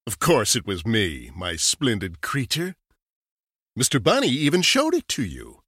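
A man voicing a sinister, possessive toy maker monster in a dramatic horror story, calm and smiling with a menace that breaks into raving. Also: medium pitch, a little slow, slightly rough, no echo, studio quality, exaggerated voice. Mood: sweetly menacing. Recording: music behind the voice.

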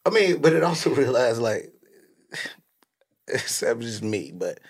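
A man in his thirties hosting a casual podcast chat, laid-back but breaking into loud animated bursts. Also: mid-range voice, measured pace, slightly rough. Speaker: podcast host.

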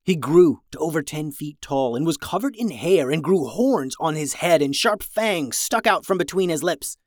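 A narrator reading a children's storybook aloud, lively, shifting voices for each character. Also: medium pitch, moderate pace, dry recording, studio quality.

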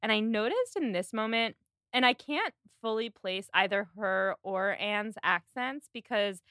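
Bright-toned woman host chatting casually, dry close mic, acts out quotes. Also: mid-range voice, unhurried, no echo. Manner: animated, quotes characters in voices. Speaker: podcast host. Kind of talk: casual chat.

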